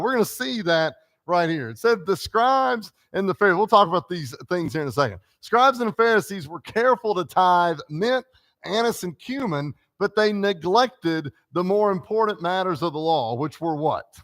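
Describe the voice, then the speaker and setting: A man's voice: high voice, expressive, moderate pace, fairly bright tone. A preacher leading a conversational Bible class in a church classroom, quizzing the group and peppering his points with "right?" and "okay?".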